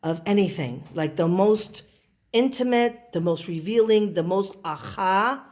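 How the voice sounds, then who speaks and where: A woman moderating a question session, asking a question in a halting way while she searches for words. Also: mid-range voice, lively intonation, a little mellow.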